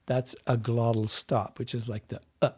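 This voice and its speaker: A man's voice: mid-range voice, level tone, normal speed, darkish tone, slightly rough. A man, a dialect coach and podcast guest, explaining at length like a teacher and acting out the sounds he describes. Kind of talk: explanatory interview talk.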